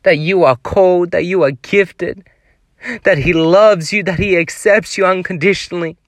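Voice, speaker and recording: A man's voice: sits high, normal speed, dry recording. A man preaching a devotional sermon, pleading with his listeners in an earnest, exhorting way.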